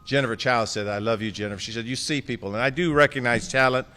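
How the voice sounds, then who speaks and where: A man's voice: mid-range voice, fast talker, sharp tone, long reverb tail, soft background music. A man giving a concession speech as outgoing mayor. He jokes and thanks people by name with affection.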